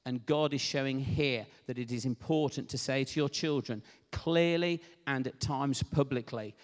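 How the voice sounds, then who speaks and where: A man's voice: medium pitch, normal speed, few pauses. Man preaching in a reverberant hall. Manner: earnest, with fillers and restarts. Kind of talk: sermon.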